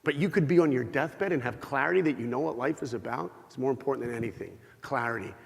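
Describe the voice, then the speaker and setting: A man's voice: medium pitch, fast, vocal fry. A middle-aged man giving a humorous, storytelling talk to a live audience, acting out bits of dialogue as he goes. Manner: animated, humorous, acts out dialogue. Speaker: speaker giving an inspirational talk. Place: large hall with an audience. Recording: long hall reverb.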